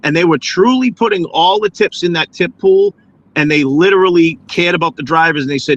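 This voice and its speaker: A man talking casually on a live stream, animated, often restarting his sentences and acting out what others said. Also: fairly high pitch, brisk, muffled recording.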